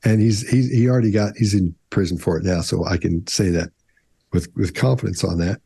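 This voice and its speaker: A middle-aged man with a low, dark, slightly husky voice breaks down body language in a loose, rambling panel chat. He keeps restarting his sentences and slips into acted-out quotes. The sound is close and dry. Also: brisk, no room sound. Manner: rambling, self-correcting explanations with acted-out quotes. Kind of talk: casual panel analysis.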